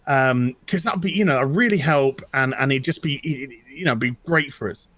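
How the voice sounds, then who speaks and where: Here a middle-aged British man speaks briskly at medium pitch, recorded with no room sound. As co-host of a casual chat, he animatedly shares personal stories, often restarting and saying things twice.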